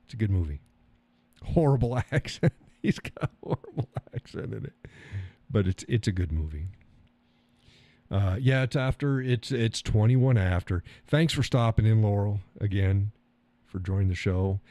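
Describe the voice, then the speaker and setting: In a dry recording, a man with a lowish, dark voice speaks at a moderate pace. He's a middle-aged streamer casually chatting over viewer comments, rambling, cursing offhandedly, and chuckling a lot.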